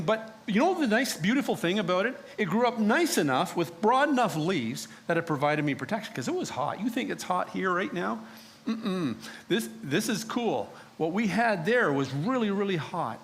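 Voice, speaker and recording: A male preacher delivers a theatrical sermon, telling the story in character in the first person. His voice sits a little high and leaps around expressively. He drops to hushed pleading, then rises into loud, exasperated outbursts. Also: very animated, moderate pace. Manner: theatrical, speaks in character as the prophet.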